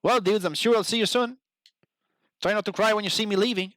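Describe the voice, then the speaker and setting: A man's voice: high-pitched, fairly quick, a bit bright, no room sound, studio quality, pitched above the performer's own voice. A man putting on a raised voice for a brash young woman adventurer in a role-playing game, speaking in a teasing, flippant manner.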